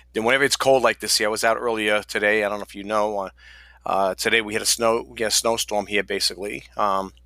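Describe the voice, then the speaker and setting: Male podcast host, gravelly and bright, folksy rambling solo talk, dry sound. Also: lowish voice, steady tone, quick pace, no echo. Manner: rambling, folksy, many fillers and restarts.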